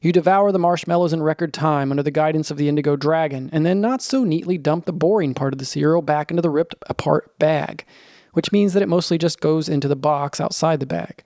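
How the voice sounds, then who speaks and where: A man narrating a scripted children's story in the second person, in a lively storytelling manner. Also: fairly high pitch, brisk, no echo, clean studio sound.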